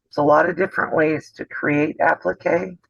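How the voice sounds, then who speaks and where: A man's voice: fairly high pitch, fairly even intonation, moderate pace, gravelly, fairly bright tone, husky, no room sound. A man hosting a casual sewing demonstration over a video call, chatty and explanatory, often trailing off mid-sentence. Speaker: host of a sewing channel. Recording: dull dry video call audio.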